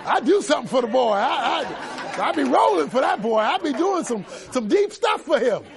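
A man's voice: very high voice, big pitch swings, moderate pace, gravelly, a faint crowd, full character voice. A man voicing a boastful, scheming royal official with a loose, laughing delivery.

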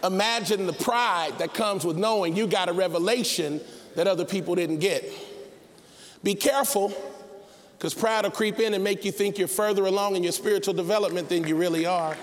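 Animated male preacher, high voice, half-sung lines, long reverb. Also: a little fast. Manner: animated, acts out characters, sings phrases. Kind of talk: sermon.

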